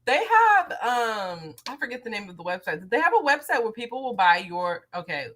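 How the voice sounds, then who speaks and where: A young adult woman co-hosting a casual chat, chatty and eager with quick asides. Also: a little high, very animated, a bit bright. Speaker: podcast co-host.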